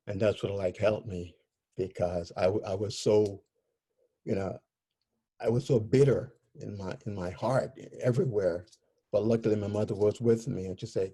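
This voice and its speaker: Interview guest, male, mellow tone, halting and searching for words as he tells his story. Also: on the low side, steady tone, husky.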